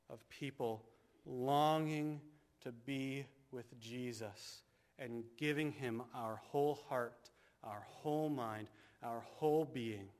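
A male pastor preaching a sermon in a church, moving from hushed, slow passages to loud, fervent calls. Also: medium pitch.

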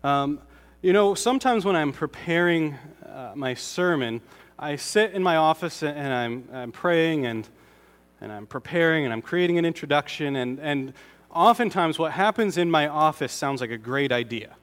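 Connecticut pastor guy preaching, chatty, pokes fun at himself, slightly high voice, long church echo. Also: lively intonation, moderate pace, a bit bright. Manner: conversational, self-deprecating humor. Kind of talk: sermon.

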